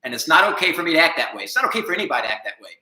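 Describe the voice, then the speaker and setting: A man telling a personal story in an earnest, self-critical monologue, going from quiet and subdued to emphatic. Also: fairly high pitch, big pitch swings, rapid-fire. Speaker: vlogger. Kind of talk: confessional monologue. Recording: echoey room.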